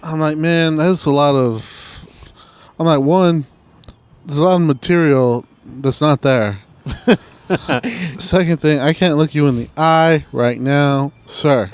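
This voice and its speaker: A young man with a fairly high voice co-hosts a casual podcast, speaking slowly with long pauses. He tells stories full of swearing and animatedly acts out the quotes.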